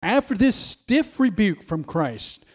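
A man's voice: high-pitched, sing-song, slow. A man preaching a sermon, emphatic, often repeating phrases and restarting as he stresses a point.

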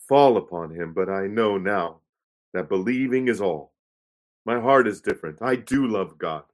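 A man reading as a dying young woman, her words slow and halting, pitched a little above the reader's own voice and a touch louder. She sounds earnest and pleading in a sentimental storybook reading. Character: dying young woman, penitent, then peaceful.

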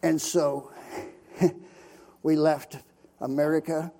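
An older missionary preacher from Pennsylvania tells his testimony in a folksy sermon style packed with fillers. His fairly high voice is warm and slow, with little pitch movement.

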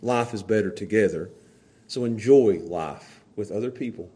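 A man preaching a folksy sermon to a small church congregation, swinging from hushed earnest passages to loud, excited storytelling. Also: lowish voice, moderate pace. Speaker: pastor. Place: small church, evening service.

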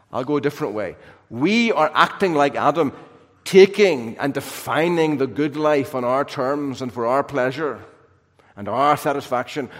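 A male preacher delivering a sermon in a big hall whose long reverb trails after each phrase. He leans hard into key lines, then drops to a near hush. His voice sits at an ordinary male pitch. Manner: dynamic, swings from loud emphasis to soft hushed drops.

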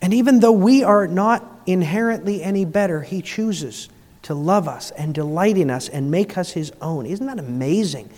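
Male pastor, high voice, sermon delivery with soft lows and emphatic climbs, long hall reverb. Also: moderate pace. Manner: swings between soft, low passages and rising, emphatic appeals.

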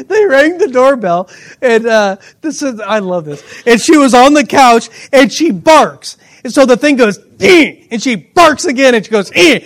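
A middle-aged pastor with a high-pitched voice preaches to his congregation. He tells personal stories in an animated way and breaks into laughter now and then.

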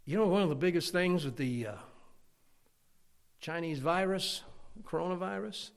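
Man, pastor, emphatic sermon, slightly high voice, long church reverb. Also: normal speed, creaky. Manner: emphatic preaching, rising and falling loudness.

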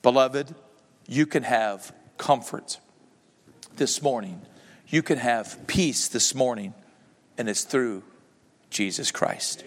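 A man's voice: medium pitch, in a large hall. A male pastor preaching a sermon in a church, emotive and joking with his congregation.

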